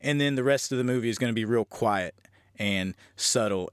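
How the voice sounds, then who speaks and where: Here a Southern Louisiana podcast host, his voice mid-range, reviews a horror film in studio-quality audio with no room sound. His casual recap is rambling and full of swearing, delivered as animated storytelling.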